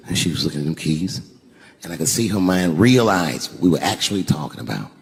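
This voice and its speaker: A male stand-up comedian telling a story on stage, dropping to a hush and then shouting the punchlines. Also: deep voice, lively intonation, fairly quick, vocal fry, breathy edge. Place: large theater stage with an audience. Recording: reverberant venue sound with crowd noise. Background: audience laughter.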